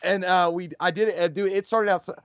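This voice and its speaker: A man chatting on a casual movie podcast, telling a long rambling story with stumbles and restarts. He acts out what others said and laughs his way through it. His voice sits high, and the sound is dry and close to the mic. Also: fairly even intonation, fast, clear, resonant tone, no echo. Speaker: co-host of a movie channel.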